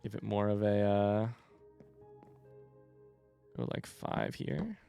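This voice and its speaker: A man's voice: on the low side, animated, slow pace, gravelly, dark tone, clean tone, faint music behind. A man streaming a building game, thinking aloud, counting under his breath and trading dry sarcastic jokes with his chat. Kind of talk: casual gameplay commentary.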